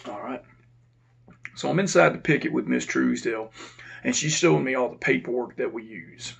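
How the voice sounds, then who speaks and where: A man's voice: mid-range voice, moderate pace, creaky, fairly bright tone, breathy edge. A man casually telling a blunt, profane story from his years as a prison officer. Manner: blunt and profane, laid-back. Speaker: former prison officer telling war stories.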